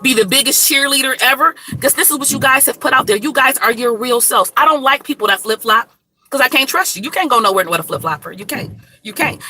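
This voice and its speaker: Frank, animated woman streamer, fairly high voice, chatting to camera, music clearly playing behind. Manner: frank, animated, Black American vernacular phrasing. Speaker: singer and streamer. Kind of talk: casual direct-to-camera talk.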